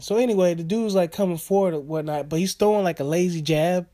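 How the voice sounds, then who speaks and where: A man's voice: high voice, fast talker, dark tone. A man casually recapping a boxing fight in rambling, slangy talk full of fillers and chuckles.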